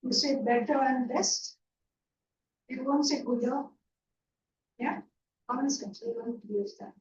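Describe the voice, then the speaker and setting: In an online English grammar class given from a room, a woman with a high voice and lively intonation speaks unhurriedly. She patiently makes sure students understand, often asking "yeah?" or "right?", though the audio is roomy, distant and dull.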